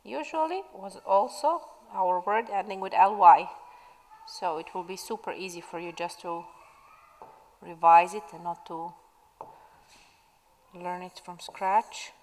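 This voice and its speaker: A woman's voice: lowish voice, unhurried, long pauses, a little mellow, long reverb tail, poor audio. A woman teacher recording a spelling lesson for pupils at home, dictating words patiently from her classroom. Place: classroom at school.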